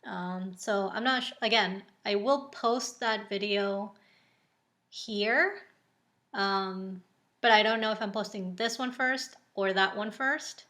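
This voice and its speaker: Slow, chatty woman reading oracle cards. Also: mid-range voice. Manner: relaxed and chatty, many ums and likes; slow and unhurried. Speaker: oracle card reader. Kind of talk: casual spoken card reading.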